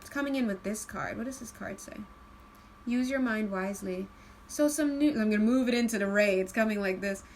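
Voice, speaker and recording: A woman giving a casual spiritual card reading, chatty and laughing often, slowing into a calm tone at times. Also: medium pitch, a little hiss or hum, poor audio. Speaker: tarot card reader.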